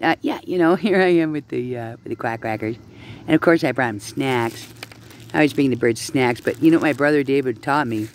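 A man's voice: mid-range voice, a little hiss or hum. A man vlogging outdoors in a city park on a handheld phone, talking in a loose, rambling way full of "you know" and cooing at the ducks. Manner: coos at ducks in a raised, playful voice. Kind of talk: casual rambling vlog.

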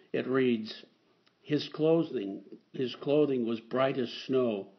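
A man preaching a homily in a slow, measured way, sometimes repeating a word to get it right. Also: medium pitch, muffled recording. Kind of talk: sermon.

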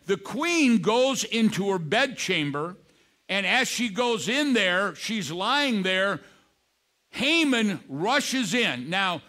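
An older man preaching as a pastor, telling a story with animated, acted-out quotes. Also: high voice. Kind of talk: sermon.

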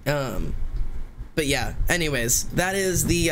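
A man streaming live, telling a long story in casual chat, rambling and fast with many fillers and restarts. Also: a little high, animated, fairly bright tone, slight background noise.

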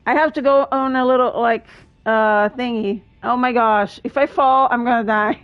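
This is live gameplay commentary from a woman streamer who chats with viewers, exclaims a lot and laughs between remarks. Her voice is fairly high and her pace moderate, and the audio sounds dull.

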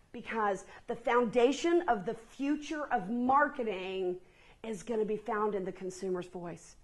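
A woman in her fifties giving an energetic motivational presentation, asking the audience questions. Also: fairly high pitch, low-quality recording. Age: 50s. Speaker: keynote speaker. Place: conference room with a live audience.

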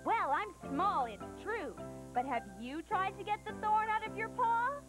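A woman hosting a children's storybook show, talking in a bubbly, excited, sing-song way. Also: very high voice, measured pace, over music.

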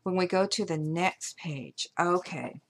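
A paper craft designer with a fairly low, unhurried voice walks through her handmade paper album page by page, chatting and gushing over the materials. She has the hiccups throughout this show-and-tell tutorial.

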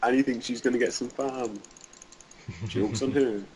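A man's voice: medium pitch, fairly even intonation, moderate pace, darkish tone, slight background noise. A young man chatting while gaming, blunt and mocking, swearing a lot, recorded on a desk or headset mic. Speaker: gamer. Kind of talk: casual chat while gaming.

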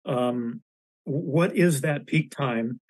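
Hoarse man questioning at a meeting. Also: mid-range voice, no room sound, rough recording. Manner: halting, many fillers and restarts. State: hoarse, scratchy voice. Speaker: board member asking questions.

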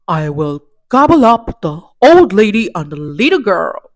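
A woman voicing the Big Bad Wolf, sly and slow. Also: medium pitch, big pitch swings. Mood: greedy. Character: crafty hungry male wolf.

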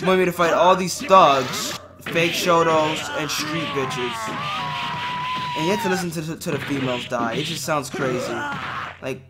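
A man's voice: a little high, normal speed, over loud music. A man giving offhand, wry gameplay commentary as a channel host, swearing freely. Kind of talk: casual gameplay commentary voice-over. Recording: loud noise under the voice.

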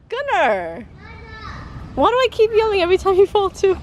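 A woman vlogging her family life in an animated, excitable way, switching between English and Spanish. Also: extremely high pitch, moderate pace, lo-fi sound, slight background noise. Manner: animated, excitable, bursts into yelps and laughs. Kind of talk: casual family vlog chat.

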